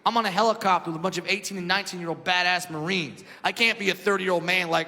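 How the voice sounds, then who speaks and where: A man's voice: high voice, rapid-fire, hardly any pauses, background noise. A man performing a stand-up comedy routine on a club stage, telling stories in a brash, punchy way. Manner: brash storytelling, punchy and animated. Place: comedy club stage before a large audience. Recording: reverberant club hall, loud crowd laughter.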